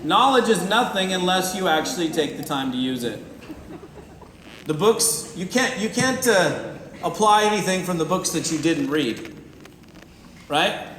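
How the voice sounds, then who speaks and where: Man, high voice, motivational stage talk, jokey and animated, roomy hall. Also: unhurried, long pauses, noisy background. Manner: animated, joking, acts out little scenes. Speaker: motivational speaker. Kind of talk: live stage talk to an audience. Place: event hall with audience.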